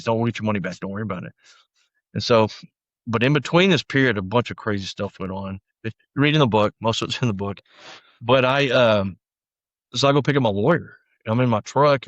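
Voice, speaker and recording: A middle-aged man, a former deputy, recounting his past in a casual conversational interview, often quoting others and trailing off quietly. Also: fairly low pitch, no echo, lo-fi sound. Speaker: podcast guest, former sheriff's deputy.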